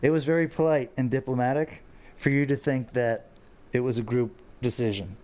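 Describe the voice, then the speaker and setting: Male co-host, dry follow-up questions, mid-pitched. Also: fairly even intonation, normal speed, a little mellow. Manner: asks short follow-up questions, dry quips. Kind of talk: casual chat.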